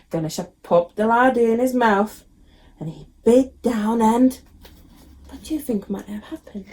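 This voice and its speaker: A woman teacher reading a picture book aloud to children, expressive and with frequent ums. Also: a little high, normal speed.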